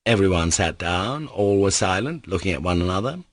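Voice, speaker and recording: A man reads a classic novel aloud in an audiobook, his voice low and richly varied in pitch. The recording is dry and close, with no room sound. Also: lively intonation, normal speed, no echo. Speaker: audiobook narrator. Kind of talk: scripted narration.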